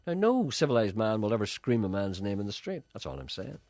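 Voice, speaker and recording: A man's voice: fairly low pitch, a little fast, dry recording, studio quality. A man with a Northern Irish accent, presenting a radio show in casual, bantering chat. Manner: animated, bantering.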